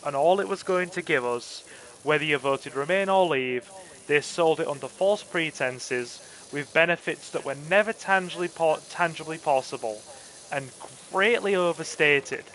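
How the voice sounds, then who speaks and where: A man with a voice pitched a little high for a man talks over a game session. He rants earnestly and trips over his own words as he goes. A faint hiss sits behind him. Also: normal speed, a bit bright, rough recording. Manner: earnest, ranting political talk with many restarts. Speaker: gaming channel host and campaign volunteer. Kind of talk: casual chat while playing a game.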